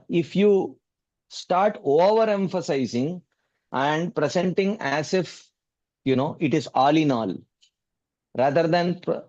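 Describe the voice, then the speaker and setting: A man with a fairly high voice answers a student's question in a scripture class. He speaks in a measured, repetitive way, full of "you know" fillers. The sound is dull and dry. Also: a little mellow, no echo. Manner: measured, repeats key points, many "you know" fillers. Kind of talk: explanatory Q&A teaching.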